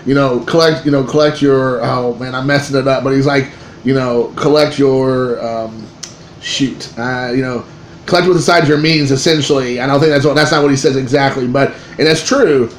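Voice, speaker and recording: Excitable rambling man in echoey room. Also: mid-range voice, normal speed. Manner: rambling and excitable, with many restarts and fillers. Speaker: card collecting vlogger. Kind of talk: casual storytelling to camera. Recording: echoey room with faint ambient noise.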